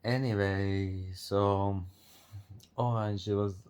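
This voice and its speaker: A male vlogger tells the story of a run-in casually and without hurry, chuckling often along the way. His low, mellow voice stays steady and smooth, and his English is loose, with non-native grammar.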